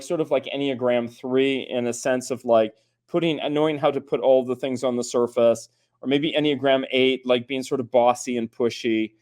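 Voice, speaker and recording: A man's voice: mid-range voice, a little mellow. Thoughtful man explaining with many restarts. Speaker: guest expert on personality types. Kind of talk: conversational explanation.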